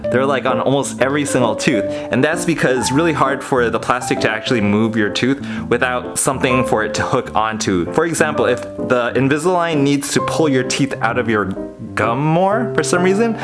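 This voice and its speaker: A man's voice: mid-range voice, lively intonation, normal speed. A man casually explaining an update to camera in a vlog, in a chatty, explanatory way. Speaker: vlogger. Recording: vlog with loud background music.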